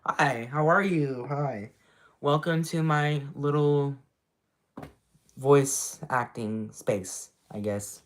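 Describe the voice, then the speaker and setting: A woman's voice: a bass voice, extremely slow. A woman streaming casually, rambling with many fillers and talking to her viewers. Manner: repeats herself, trails off mid-sentence. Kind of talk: casual live-stream chat.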